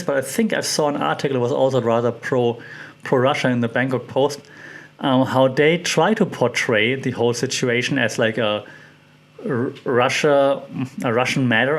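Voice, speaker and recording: Guy doing a solo podcast, thinking out loud, lots of ums and restarts, keeps asking listeners questions. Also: mid-range voice. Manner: thinking aloud, hesitant, many restarts and fillers; curious, puts questions to listeners. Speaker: podcast host. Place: lives in Thailand.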